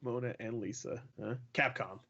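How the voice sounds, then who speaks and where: A man's voice: mid-range voice, steady tone, normal speed, gravelly, bright, forceful tone, muffled recording. A man co-hosting a casual gaming podcast, loose, joking and swearing as he plays a trivia quiz. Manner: loose, profane, jokey. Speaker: podcast co-host.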